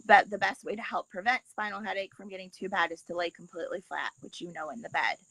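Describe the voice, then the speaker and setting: A woman who is a guest on a casual call, calmly explaining her son's treatment in a plain, matter-of-fact way. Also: mid-range voice, quick pace, no room sound, rough recording. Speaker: guest, mother of a patient. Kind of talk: casual video-call interview.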